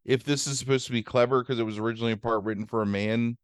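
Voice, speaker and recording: A man's voice: mid-range voice, steady tone, very fast, clean tone, dry recording, clean studio sound. A man hosting a podcast, casually recapping a movie plot with lots of fillers and easy swearing. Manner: rambling, fillers, swears freely. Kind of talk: casual chat.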